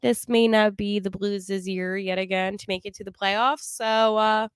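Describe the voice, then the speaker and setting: Woman podcast host, mid-pitched, clear and smooth voice, dry close sound, chatty with frequent fillers. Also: fairly even intonation, measured pace, no echo. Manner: chatty, laughs often, many fillers. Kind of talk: casual live sports podcast.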